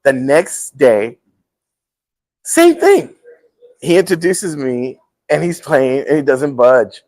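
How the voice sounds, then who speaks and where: Telling a story on his casual talk show, the middle-aged host stays animated and acts out the quotes with laughs. He speaks in a mid-range voice without hurrying, and the recording quality is low.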